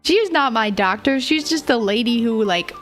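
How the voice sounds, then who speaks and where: A woman's voice: a little high, expressive, normal speed, a bit bright, soft background music. A young woman streamer chatting casually, rambling through a story and giggling often. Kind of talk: casual livestream chat.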